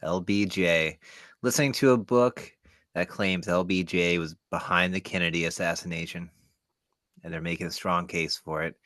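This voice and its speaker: Deep bright-toned podcast guest man. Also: fairly even intonation, normal speed, dry recording. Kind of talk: casual chat.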